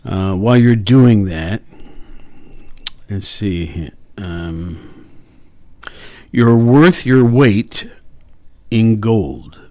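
Slow, dry-voiced male radio host. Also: on the low side, lively intonation, mellow, no echo. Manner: slow, dry, reads puns haltingly. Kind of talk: casual radio chat.

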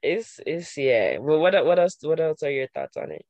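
A young woman in casual conversation, talking in an animated way with quick restarts and frequent laughter. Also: low voice, dry recording.

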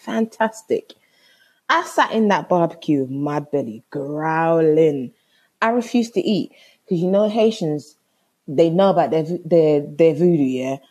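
Woman, casual comic storyteller, husky and mellow, exasperated and swears a lot. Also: low-pitched, measured pace. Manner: animated, exasperated, swears freely.

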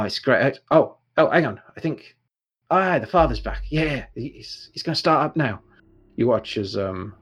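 A man narrating a tabletop game as game master, chatty and excitable when talking with players. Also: fairly low pitch, slightly rough.

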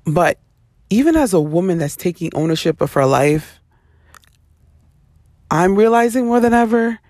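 A woman hosting a podcast, telling casual stories in an animated, expressive way, acting out quoted voices and laughing often. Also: on the low side, normal speed, dry recording, studio quality. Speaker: podcast host. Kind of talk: casual storytelling monologue.

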